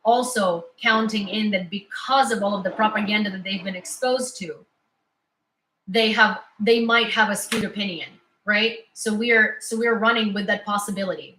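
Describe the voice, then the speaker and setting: A woman's voice: mid-range voice, steady tone, moderate pace, pushed and bright, reverberant, slight background noise, rough recording. A woman hosting casual live news commentary, opinionated and sarcastic, often laughing. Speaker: news summary host.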